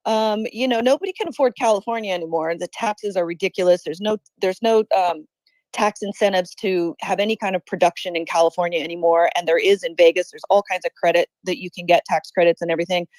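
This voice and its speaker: A woman's voice: fairly low pitch, fast talker, a little mellow, no echo. A woman speaking as a guest on a casual podcast, chatty and enthusiastic, leaning on fillers like "you know what I mean".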